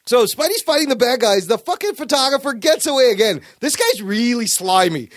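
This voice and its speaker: A man hosting a casual podcast, animatedly retelling a comic story with profanity and quick acted-out quotes. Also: extremely high pitch, sing-song, no room sound, studio quality. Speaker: podcast host. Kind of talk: casual comic book chat.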